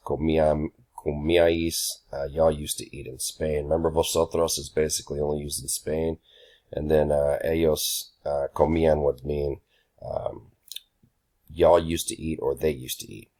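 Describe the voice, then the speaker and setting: Young male teacher with a very deep voice, loose and unscripted, plenty of ums. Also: normal speed. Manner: relaxed, many ums and uhs, says y'all. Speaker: Spanish teacher. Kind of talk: casual recorded grammar lesson.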